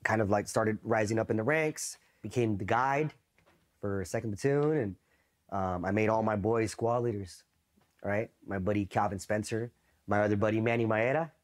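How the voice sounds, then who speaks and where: A man's voice: lowish voice, moderate pace. A man from East Los Angeles, a Marine veteran, telling stories in a casual, profane interview, loose and full of "you know" and "right?".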